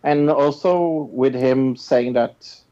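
A man's voice: mid-range voice, slow pace, warm tone. A man co-hosting a podcast in casual chat, hesitant and full of fillers and restarts. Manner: hesitant, full of filler sounds and repeated words. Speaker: podcast co-host. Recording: dull lo-fi recording.

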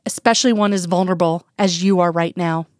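A woman voicing a gentle, patient man who talks softly and reassuringly, in a dry, close recording. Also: fairly low pitch, steady tone, quick pace, no echo, natural voice.

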